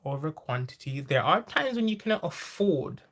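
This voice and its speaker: Lively man chatting on a livestream. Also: normal speed. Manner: lively and chatty, with sudden high-pitched exclamations. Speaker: farming livestream host. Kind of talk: casual live chat, reading viewer comments.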